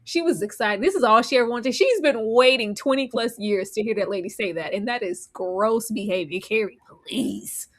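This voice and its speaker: A woman hosting a live episode review, recapping scenes in a lively, storytelling way. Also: on the high side, normal speed, few pauses, no echo, studio quality. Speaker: host.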